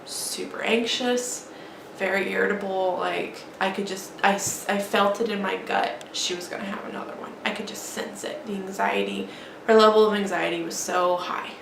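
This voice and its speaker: Woman vlogging, halting and sad, gravelly voice, a bit of room hiss. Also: mid-range voice, fairly even intonation. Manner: halting, grieving, many restarts and fillers. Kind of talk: emotional personal storytelling. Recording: echoey room with faint background noise.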